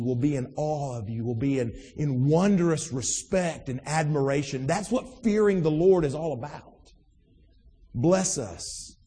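A man's voice: on the high side, warm tone, husky, in a large hall. A man preaching a sermon with emphatic repetition and rhetorical questions. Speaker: pastor.

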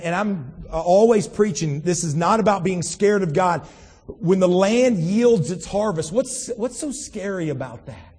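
A man's voice: a little high, darkish tone, husky, in a large hall. A man preaching a sermon with emphatic repetition and rhetorical questions. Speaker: pastor.

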